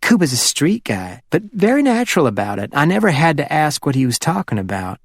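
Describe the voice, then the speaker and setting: A man's voice: sing-song, brisk, no room sound, studio quality. A man voicing a playful, flirty wealthy woman in her fifties with a Hollywood Southern accent, chatty and teasing. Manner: teasing and chatty, sliding up into a higher voice.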